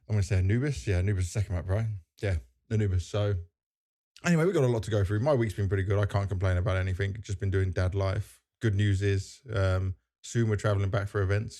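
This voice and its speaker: A man's voice: fairly low pitch, dark tone. A man hosting a casual podcast, chatty and joking as he leads the conversation. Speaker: podcast host.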